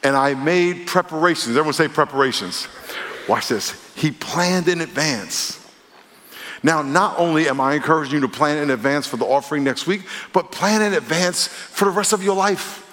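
Preaching pastor in a reverberant hall. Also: male voice, fairly high pitch. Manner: lively preaching, quick shifts between loud emphasis and quiet asides. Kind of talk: sermon. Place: church sanctuary.

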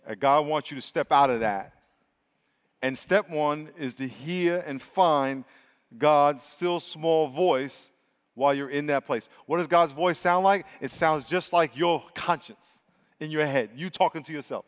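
A man's voice: on the high side, a little slow. Preaching man in a reverberant hall. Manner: energetic, swings from loud to hushed. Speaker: pastor. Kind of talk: sermon.

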